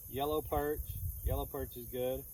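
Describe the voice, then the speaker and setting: A man's voice: mid-range voice, steady tone, moderate pace, mellow, slight background noise, rough recording. A man with a Texan accent, chatting casually with his stream viewers in a rambling, easygoing way, with many restarts. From Texas. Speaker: streamer answering chat. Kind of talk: casual chat. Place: outdoors in the countryside. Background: crickets and insects chirping faintly.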